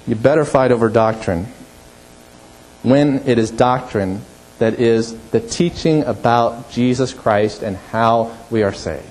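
A male pastor preaching a sermon, emphatic, rising to forceful peaks and dropping low. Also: measured pace, poor audio.

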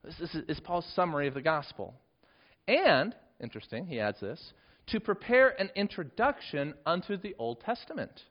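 A high-pitched male pastor delivers an expository sermon, his voice swinging widely between loud emphatic peaks and quiet explanatory asides. The recording sounds somewhat dull and lo-fi. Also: sing-song, normal speed. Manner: emphatic preaching with big swings in pitch and volume.

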